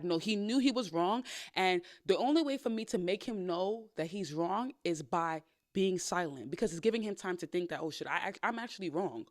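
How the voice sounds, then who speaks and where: A woman hosting a podcast, giving candid dating advice in a blunt, sassy, profane big-sister way with animated storytelling. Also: medium pitch, no room sound, clean studio sound. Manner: animated storytelling with playful quoted voices. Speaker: podcast host.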